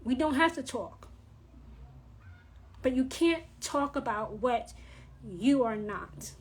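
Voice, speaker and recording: A woman's voice: sits high, animated, slow, breathy edge. A woman vlogger ranting in a blunt, profane, scolding monologue. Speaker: witch vlogger.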